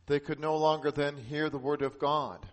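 A man preaching a sermon as pastor, earnest, lifting his voice for emphasis and dropping soft and slow on key points. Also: fairly high pitch, flat delivery.

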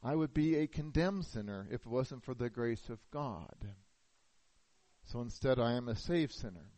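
A middle-aged pastor preaching a sermon, telling a story and asking rhetorical questions. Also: male voice, medium pitch, expressive, moderate pace, warm tone, no room sound, low-quality recording.

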